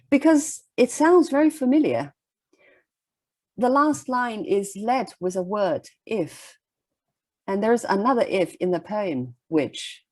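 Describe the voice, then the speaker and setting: A middle-aged woman giving a recorded literature lecture, explaining a poem in a measured way and often checking in with "okay?". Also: medium pitch, warm tone, breathy edge.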